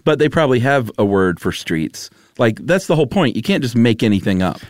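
A man's voice: medium pitch, very animated, fairly quick, no room sound, clean studio sound. A man co-hosting a podcast in a laid-back, teasing way, laughing often. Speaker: podcast co-host. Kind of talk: casual chat.

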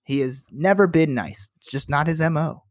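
A man's voice: a little high, moderate pace, no room sound. Guy on a podcast ranting about his day at work, cursing a lot, doing voices, dry mic. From works in Los Angeles. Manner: animated, profane, acts out quotes. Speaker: podcast co-host. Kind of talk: casual storytelling chat.

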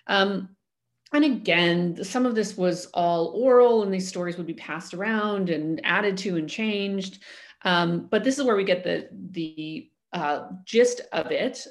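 A woman's voice: on the low side, unhurried. A woman co-hosting a podcast, explaining history in casual chat with frequent ums and easy laughs. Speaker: podcast co-host.

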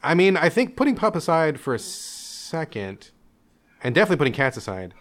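A young man sits for an interview and tells his coming-out story in a candid way. He acts out his parents' voices. His voice sits a little high and swings widely in pitch. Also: fairly quick. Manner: animated, acts out parents' voices, laughs often. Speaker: interview guest.

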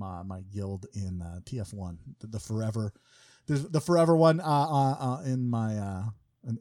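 A man's voice: medium pitch, a little mellow, dry recording, clean studio sound. A man hosting a casual podcast, rambling and joking with many fillers and restarts. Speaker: podcast host.

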